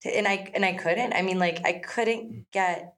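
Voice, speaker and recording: A woman's voice: mid-range voice, steady tone, moderate pace, fairly bright tone. A woman, a hunter, chatting casually and retelling her own experience. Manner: chatty, lots of "like" fillers. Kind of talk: casual chat.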